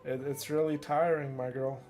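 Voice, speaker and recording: In a flat, slightly mellow, medium-pitched voice at a moderate pace, a worn-out streamer pours his heart out to viewers. He stammers and repeats himself while faint music plays behind him.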